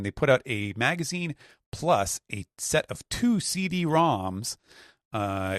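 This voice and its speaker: Low-voiced man in rambling podcast chat. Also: fairly bright tone, dry recording, studio quality. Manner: rambling, filler-heavy description with acted quotes. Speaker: podcast panelist. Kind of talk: casual chat.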